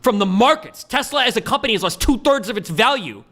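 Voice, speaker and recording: High-pitched, fast-ranting young man. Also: lively intonation, fairly bright tone. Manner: exasperated, profane, rapid-fire ranting. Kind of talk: heated casual argument.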